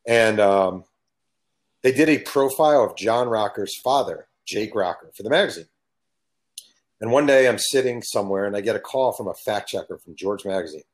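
Emphatic, low-voiced middle-aged man. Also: expressive, normal speed. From California. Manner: emphatic, blunt, storytelling. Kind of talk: casual chat.

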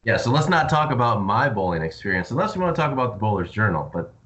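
A man's voice: on the low side, very animated, quick pace, fairly bright tone. A man co-hosting a podcast in casual chat, teasing the others with dry humor. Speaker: podcast co-host. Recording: dull lo-fi audio.

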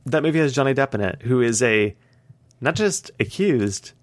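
A man's voice: medium pitch, expressive, moderate pace, no echo. A man co-hosting a podcast in casual chat, ranting heatedly with lots of swearing and "like" fillers. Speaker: podcast co-host.

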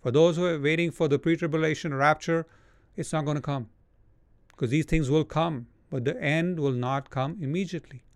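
A man's voice: a little high, fairly even intonation, moderate pace, dry recording. A man preaching a sermon, hammering repeated commands and mimicking whining people. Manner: forceful, repetitive exhortations, mocking whiny voices.

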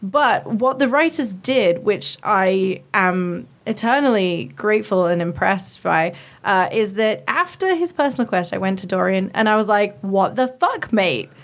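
Animated woman telling stories on a panel. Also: mid-range voice, a little slow, hardly any pauses. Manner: animated storyteller who acts out quotes. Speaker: writer on a panel. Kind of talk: casual panel chat.

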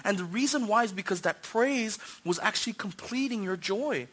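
High, bright-voiced young pastor preaching. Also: male voice, moderate pace, slightly rough. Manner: animated, acts out voices, swings from hushed to shouting. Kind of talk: sermon.

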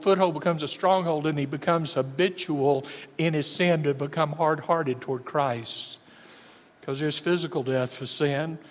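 A male pastor delivers a sermon, moving from booming calls down to hushed, heavy lines. His voice sits fairly high. Long hall reverb follows every phrase. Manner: dramatic, swinging between booming and hushed.

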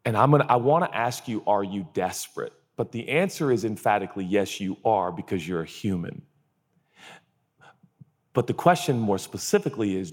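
Man preaching in a reverberant hall. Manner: comic storytelling, acts out groans and quotes in a high voice. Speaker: pastor. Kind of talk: sermon.

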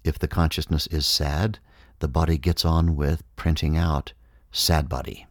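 Super deep voice guy, calm spiritual talk, dry close sound. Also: no echo. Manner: measured, explanatory, acts out inner voices. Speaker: speaker on consciousness.

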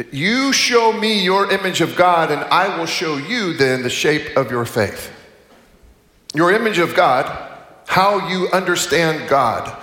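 Middle-aged male chapel preacher with a slightly high voice, casual and joking, recorded in a big echoey hall. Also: a bit bright. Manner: conversational, self-correcting, humorous asides. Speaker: chapel speaker. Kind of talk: sermon. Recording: echoey hall, distant mic.

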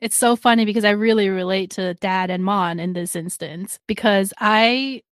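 A woman's voice: medium pitch, moderate pace, no room sound. Chatty woman co-host, dry mic. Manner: chatty, laughs often, acts out characters' lines. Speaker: podcast co-host recapping a drama. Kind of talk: casual chat.

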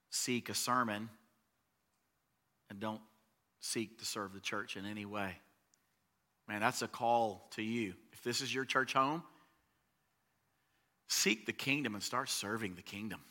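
A man preaching a sermon as pastor, talking in a conversational way and swelling louder on key phrases. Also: lowish voice, steady tone, unhurried, pauses often.

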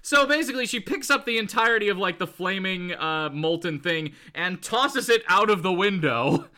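A man's voice: sits high, animated, moderate pace, bright, forceful tone. A man hosting a podcast, recapping comics in a casual, laughing way with many fillers. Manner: laughing, filler-heavy storytelling. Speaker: podcast host.

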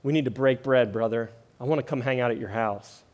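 A man's voice: medium pitch, fairly quick, a little mellow. A man preaching a sermon in a conversational way, often tagging lines with "right?" and "like". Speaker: pastor.

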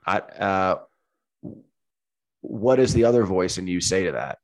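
A man's voice: low-pitched, lively intonation, a little slow. A man co-hosting a podcast, asking playful, teasing questions in casual chat. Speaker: podcast co-host.

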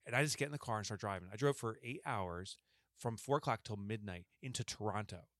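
A man's voice: fairly low pitch, fairly quick, a bit bright, dry recording. Guy cohosting a podcast, chatty storyteller, acts out the quotes, dry close mic. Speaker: podcast co-host. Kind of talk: casual storytelling chat.

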